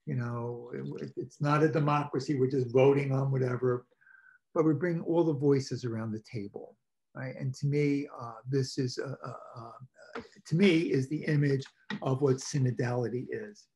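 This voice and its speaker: A man, a priest, leading a parish workshop with slides, talking informally with asides and questions to his listeners and clearing his throat now and then. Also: medium pitch, a little mellow. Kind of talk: conversational teaching talk with slides. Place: parish meeting presenting slides.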